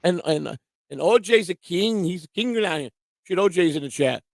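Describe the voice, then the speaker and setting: A man co-hosting a casual livestream, loud and giddy, repeating himself and laughing a lot. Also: sits high, animated, fairly quick, gravelly, dry recording. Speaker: livestream co-host. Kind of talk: rowdy casual livestream chat.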